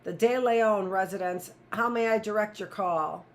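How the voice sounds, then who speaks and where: A woman's voice: medium pitch, normal speed, voice pushed up, close to an everyday voice. A woman reading aloud, voicing a shy, nerdy teenage boy who speaks timidly and hesitantly.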